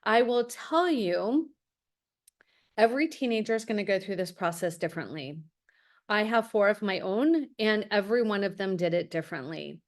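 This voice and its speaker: A woman's voice: mid-range voice, lively intonation, moderate pace. A middle-aged woman, a college admissions consultant, talking to parents in a masterclass, direct and full of stories. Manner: direct, anecdotal, acts out quotes. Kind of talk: webinar masterclass talk.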